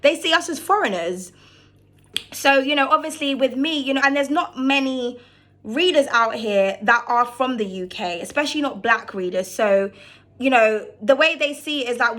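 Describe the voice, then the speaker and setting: A woman's voice: sits high, expressive, moderate pace, a bit bright. Blunt British woman ranting to camera. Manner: blunt, swears freely, frequent fillers. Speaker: tarot reader and channel host. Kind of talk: casual ranting monologue to camera.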